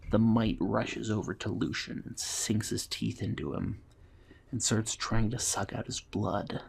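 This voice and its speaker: A man's voice: fairly low pitch, a little slow, creaky, slightly rough. A man steadily narrating a fantasy adventure story as its storyteller.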